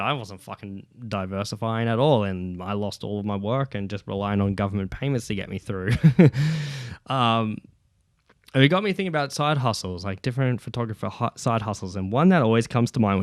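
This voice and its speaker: A man's voice: fairly low pitch, no echo, studio quality. A man hosting a casual solo podcast from home, rambling, swearing freely and using lots of fillers. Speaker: podcast host. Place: at home with his child nearby. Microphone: podcast microphone.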